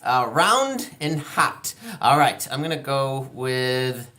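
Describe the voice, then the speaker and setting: A woman's voice: very deep voice, animated, takes it slowly, fairly bright tone. A woman hosting a children's educational show, playful and encouraging, chatting with young viewers as friends and thinking aloud with little laughs.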